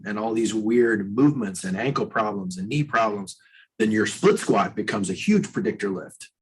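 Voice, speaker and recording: On a podcast interview, a male strength coach speaks bluntly and emphatically, swearing freely. His husky voice sits on the low side, and the audio is poor.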